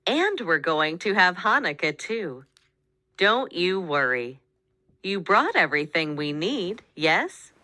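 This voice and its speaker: A woman's voice: fairly low pitch, big pitch swings, slow pace, bright, forceful tone, heavily acted. A woman voicing a doting older grandmother in a storybook, with a heavy Italian accent. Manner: affectionate, proud.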